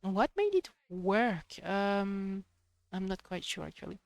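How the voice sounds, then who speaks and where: A young woman streaming a video game live, chatting excitedly to herself while she plays. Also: mid-range voice, slow pace, no room sound. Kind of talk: live gameplay commentary.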